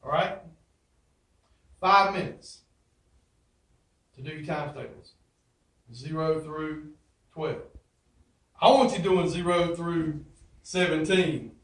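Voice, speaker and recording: A high-pitched man speaks to his class from a distance, his voice bouncing around a roomy classroom. He talks emphatically, drills catchphrases and throws questions back at his students. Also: slow pace, long pauses, a bit bright. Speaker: teacher. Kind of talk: motivational classroom talk. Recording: roomy echo, from far off.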